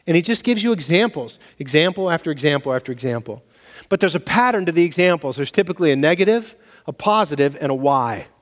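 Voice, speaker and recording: A man's voice: on the high side, fast. A man preaching a sermon as pastor, telling stories and acting out bits of dialogue. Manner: animated storytelling, acts out dialogue. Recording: long reverb of a large hall.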